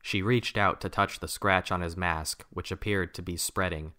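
A man reading a storybook chapter aloud in a steady, measured way. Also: deep voice. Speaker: narrator. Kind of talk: storybook narration.

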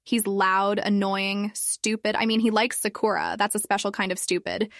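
A woman's voice: medium pitch, little pitch movement, moderate pace, fairly bright tone, dry recording, studio quality, natural voice. A woman voicing an upset, blunt teenage girl who talks in whiny, exasperated outbursts.

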